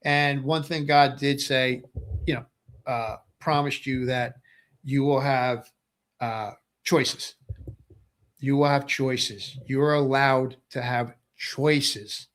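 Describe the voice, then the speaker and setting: With a medium-pitched, steady, fairly bright voice, a middle-aged webcast host speaks slowly through a casual political monologue. He wanders, repeats phrases, and often asks "right?"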